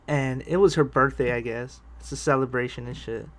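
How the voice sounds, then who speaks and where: This casual storyteller is a vlogger with a steady, mid-range voice and a brisk pace. His personal anecdote wanders, and it's full of swearing, restarts, and frequent laughter.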